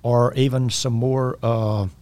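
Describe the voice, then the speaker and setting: Man, life coach, earnest and exhorting, dry close-miked sound, mid-pitched voice. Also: level tone, takes it slowly, darkish tone, no room sound. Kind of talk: faith-based coaching talk.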